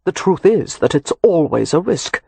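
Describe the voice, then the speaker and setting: A man's voice: a little high, sing-song, normal speed, creaky, a little mellow, breathy edge, full character voice. A man reading an audiobook, voicing a weary, protective young husband who talks earnestly with a wry edge. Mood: heated.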